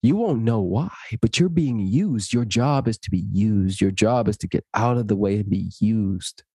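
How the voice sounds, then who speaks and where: A man's voice: lowish voice, husky, no echo. A man, a guest in an interview, telling stories animatedly and speaking in an earnest, inspirational way. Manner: animated, acts out dialogue in stories; slow, earnest inspirational delivery. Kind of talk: interview storytelling.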